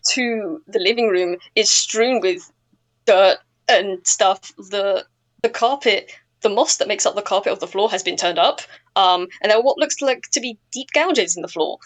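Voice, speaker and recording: A woman narrating as game master of a tabletop game, relaxed and full of fillers. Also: mid-range voice, moderate pace.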